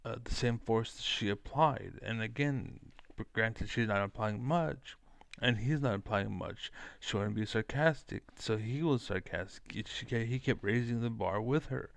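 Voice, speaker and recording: A man's voice: lowish voice, vocal fry, dry recording. A man ranting casually, rambling and profane, with many fillers. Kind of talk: casual rant to camera.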